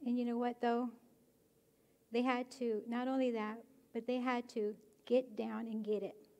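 A woman pastor preaching a sermon, animated and emphatic, often pushing her questions to the congregation. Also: on the high side, measured pace. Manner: animated, rising to emphatic exhortation. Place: church sanctuary.

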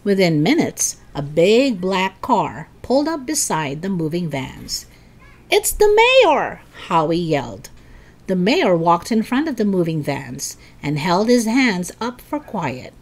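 A woman reading a children's chapter book aloud, raising her voice high and excited for the children's lines. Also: a little slow.

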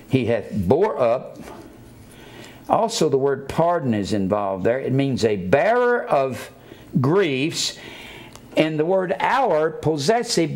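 A man preaching a sermon, spelling out words letter by letter and swinging between low asides and raised emphatic preaching. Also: darkish tone.

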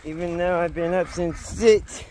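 A man's voice: high-pitched, steady tone, measured pace, darkish tone, slight background noise. A man vlogging outdoors on his homestead, bantering playfully with his chickens and roosters. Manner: playful, jokey banter with farm animals. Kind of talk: casual vlog narration. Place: outdoors on a homestead among poultry.

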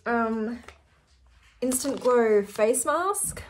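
A woman's voice: on the high side, animated, drawn-out words, a little hiss or hum. A woman in her forties with an Australian accent, chatting to camera in an effusive, giggly way. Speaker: vlogger. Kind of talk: casual chat to camera.

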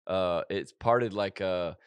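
A man's voice: low voice, slow, smooth, dry recording. Rambling joking male podcast host. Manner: rambling, joking, self-correcting. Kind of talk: casual comedic chat.

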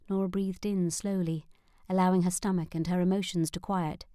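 A woman narrating an audiobook in a measured, even manner. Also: on the low side, smooth, no echo. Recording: dry close studio sound.

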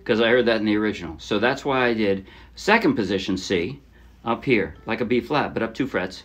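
A man teaching a ukulele song in a casual, chatty way, often trailing off softly and poking fun at himself. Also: lowish voice, normal speed, loud music behind the voice. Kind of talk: casual tutorial explanation. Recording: loud ukulele playing under the voice. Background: ukulele strumming.

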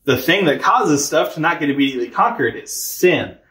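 A man giving a casual catechism lecture, conversational and animated, with playful asides and acted-out quotes. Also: on the high side, a little fast. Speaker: catechism teacher. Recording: echoey room.

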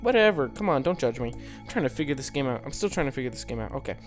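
A man's voice: medium pitch, very animated, quick pace. A man hosting a casual gameplay commentary, rambling and self-mocking as he fumbles along and mutters sound effects to himself. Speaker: gaming channel host. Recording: music playing under the voice.

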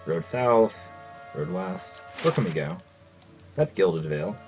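A man's voice: sits low, sing-song, slow pace, a little mellow, soft background music. A man chatting casually while streaming a game, reading its text aloud as he plays. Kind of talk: casual live game commentary.

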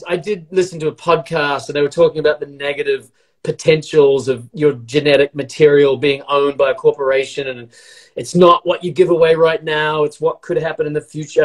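A middle-aged man in casual chat, joking and rambling in a self-mocking way while baking along. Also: a little high.

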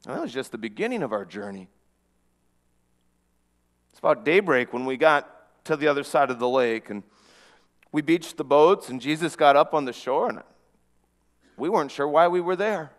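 A man preaching a dramatic first-person story, earnest, often dropping to a hush and repeating words as he goes. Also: a little high, lively intonation, normal speed, pauses often, big-room sound. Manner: earnest, with frequent restarts and dramatic hushes.

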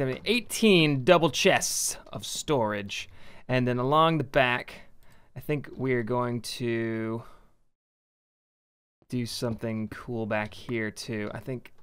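A young man hosting a casual gaming video, thinking out loud and joking at his own expense as he builds. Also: medium pitch, clear, resonant tone. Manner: chatty, self-mocking, thinking aloud. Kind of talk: casual let's-play commentary.

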